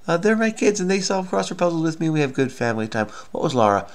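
A man's voice: on the high side, big pitch swings, fast talker, hardly any pauses. A middle-aged man solving a crossword aloud in a casual, self-muttering way, with many fillers and trailing off. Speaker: crossword solving video host.

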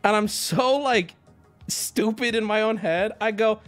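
A male streamer telling a story to his chat in a casual, animated way, laughing, swearing and acting out voices as he goes. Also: high voice, a little slow, music in the background.

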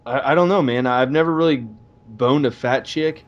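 A man's voice: mid-range voice, moderate pace, muffled recording. A young man in casual chat telling crude stories, joking and swearing freely. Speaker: podcast co-host.

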